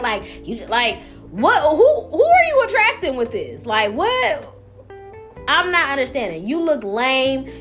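A young woman hosting her own podcast, ranting bluntly and profanely in a casual, animated way. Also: mid-range voice. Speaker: podcast host. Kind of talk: casual solo podcast rant.

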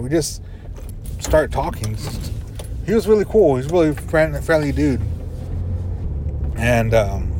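A man's voice: medium pitch, dark tone. A man hosting a podcast, telling stories in a rambling, casual way, swearing and chuckling as he talks from inside his car. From Arizona reservation. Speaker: podcast host. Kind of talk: casual storytelling. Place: inside a car on a dirt road. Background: faint vehicle noise.

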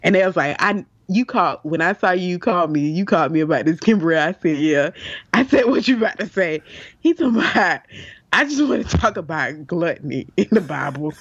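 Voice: medium pitch, lively intonation, a little fast, fairly bright tone, no room sound, muffled recording. Storytelling podcast co-host, dry sound. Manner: tells anecdotes with quoted dialogue, laughs. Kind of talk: casual chat, storytelling.

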